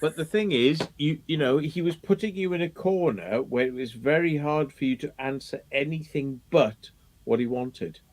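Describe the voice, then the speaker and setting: A man hosting a live stream chat, swearing freely and mimicking people in an animated way. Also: on the high side, moderate pace. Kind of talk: casual chat.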